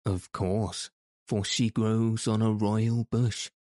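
A man's voice: on the low side, little pitch movement, takes it slowly, a little mellow, no room sound, clean studio sound. A man doing a patient old rose gardener. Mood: explaining.

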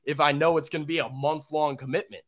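A chatty young man co-hosting a casual sports talk show. He pokes fun at himself in a fairly high voice. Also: steady tone, quick pace. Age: young adult. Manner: chatty, self-deprecating. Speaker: co-host.

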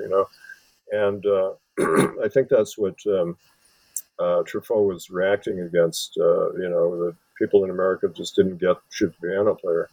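A man's voice: low voice, fairly even intonation, moderate pace, darkish tone, husky, dry recording, low-quality recording. A man from Wisconsin, an author and film scholar, giving long rambling interview answers full of restarts. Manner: rambling, many restarts and fillers.

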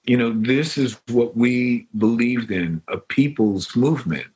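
An older man, a musician, telling stories in an interview in a lively, animated way. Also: a little slow, breathy edge, low-quality recording. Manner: animated storyteller, bursts into sung and high-pitched impressions. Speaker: musician guest. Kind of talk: storytelling interview.

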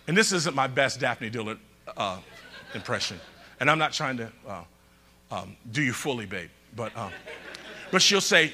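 A man pastor preaching a sermon, calling out to the congregation and swinging between loud bursts and quiet asides. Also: mid-range voice, animated, normal speed, a little hiss or hum.

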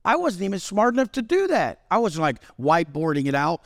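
Brash, profane man with lively pitch. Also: a little fast, few pauses, no room sound, clean studio sound. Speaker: podcast guest. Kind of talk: casual chat.

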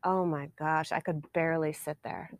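A woman's voice: low-pitched, fairly even intonation, normal speed, no room sound. A woman in her forties co-hosting a podcast, chatting casually and laughing often. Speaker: podcast co-host. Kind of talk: casual chat. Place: at home.

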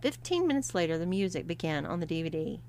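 A woman narrating a story, reading expressively and at a measured pace. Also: fairly low pitch, very animated, a little mellow, a little hiss or hum.

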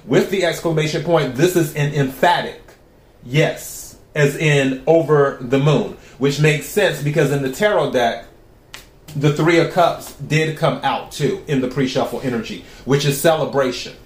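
A man giving a tarot reading to his viewers. He talks in a calm, even way and asks the cards the same question again and again. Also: a little high, unhurried, roomy sound. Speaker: tarot reader.

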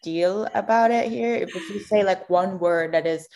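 A woman's voice: mid-range voice, moderate pace, crowd noise. A young woman from Macau co-hosting a podcast in a casual chat, talking loosely with lots of fillers and laughs. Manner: chatty, laughs often, many fillers. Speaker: podcast co-host.

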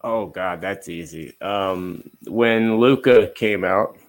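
A man's voice: low voice, slow pace. A man in a casual interview, speaking as a guest. He talks in an easygoing, rambling way with lots of restarts. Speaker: guest, card collector and dealer.

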